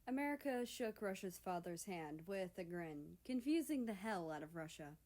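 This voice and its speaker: A woman narrating a fan fiction story in an expressive, steady reading voice. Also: lowish voice, moderate pace, few pauses. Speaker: story reader.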